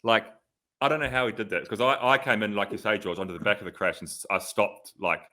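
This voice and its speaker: A man with a deep voice tells a rambling story on a podcast. He swears freely and jumps into high voices when he mimics people. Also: fast, pushed and bright. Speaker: podcast co-host, pro cyclist. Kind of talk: casual chat, anecdotes.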